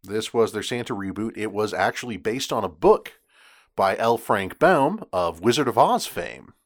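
Deep-voiced man sharing trivia. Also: lively intonation, normal speed. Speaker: podcast co-host. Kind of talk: casual podcast chat.

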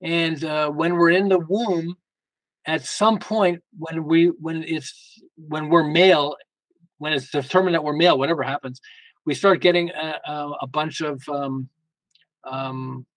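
A man speaking as a guest in an interview, an emphatic, lively storyteller who often restarts his sentences. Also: a little high, unhurried, dry recording, low-quality recording. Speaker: guest author. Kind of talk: casual interview talk.

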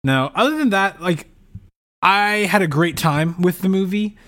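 A man chatting casually as a podcast co-host, telling a story with lively, animated delivery and mimicked voices. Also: high-pitched, measured pace. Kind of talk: casual chat.

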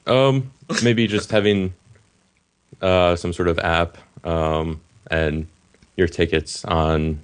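A man's voice: sits low, fairly even intonation, slow pace, clear, resonant tone. A man calling in to a live show, speaking hesitantly with many fillers. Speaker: caller. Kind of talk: casual call-in chat.

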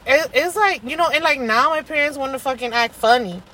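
A woman's voice: high voice, fairly quick, bright, forceful tone, low-quality recording. A young woman co-hosting a casual chat, telling candid stories full of swearing. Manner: candid, profane storytelling. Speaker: podcast co-host.

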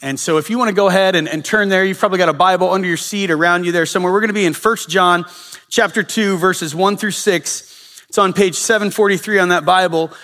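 A man's voice: high voice, fast, fairly bright tone. A male pastor giving a sermon in a casual storytelling way, with frequent filler uhs. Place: church sanctuary. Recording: long reverb of a church hall.

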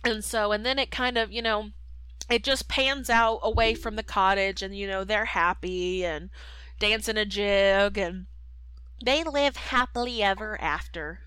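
A woman's voice: mid-range voice, measured pace, pushed and bright, smooth, dry recording, rough recording. A woman co-hosting a podcast, casually retelling a film plot with lots of fillers. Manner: chatty, lots of fillers and voices. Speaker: podcast co-host. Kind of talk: casual movie recap.

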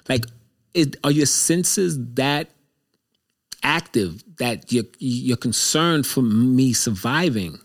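A man's voice: mid-range voice, expressive, slow. Candid rambling man hosting a show. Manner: rambling, repeats himself, candid. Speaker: show host. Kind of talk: casual reflective monologue.

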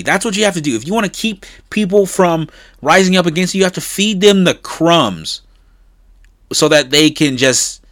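A man's voice: high voice, lively intonation, normal speed, a bit bright, dry recording, studio quality. A man delivering an emphatic opinion monologue as a political commentator, insistent and punctuating points with a pressing "okay?". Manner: emphatic, repeats "okay?" for stress; insistent, rising in intensity.

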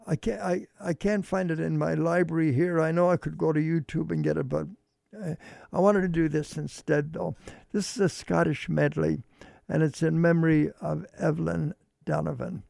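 A man hosting a radio show, making casual, halting announcements as he chats with his co-host. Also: on the high side, steady tone, gravelly, darkish tone, no echo, studio quality. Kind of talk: casual on-air chat with a co-host.

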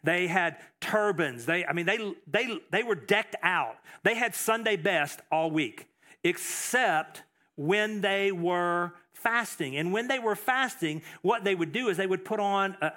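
High-voiced male pastor preaching. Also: pushed and bright. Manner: emphatic, repeats phrases, many fillers and restarts. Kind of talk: sermon.

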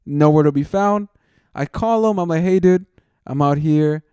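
A man's voice: fairly high pitch, moderate pace, warm tone, clean tone, no echo. A young man telling a long story in casual chat, rambling and saying "dude" constantly, often laughing at himself.

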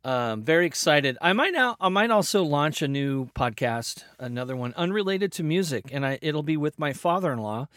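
A man's voice: expressive, moderate pace, few pauses, a bit bright, no room sound, clean studio sound. Upbeat rambling male podcast host. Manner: upbeat, rambling, playful, with sudden pitch jumps. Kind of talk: energetic solo podcast intro.

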